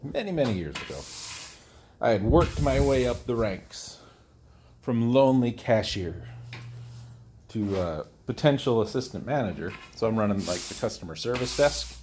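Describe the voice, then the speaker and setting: A man's voice: mid-range voice, animated, normal speed, a little mellow, slight background noise. A man chatting casually and bluntly while he builds, drifting into stories and joking about himself. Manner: rambling and outspoken, jokes about himself. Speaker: DIY builder host.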